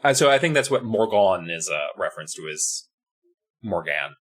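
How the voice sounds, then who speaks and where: A man's voice: lowish voice, very animated, fast talker, a bit bright. A young man co-hosting a podcast, recapping a story in a profane, rambling, jokey way. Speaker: podcast co-host. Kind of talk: casual comedic recap.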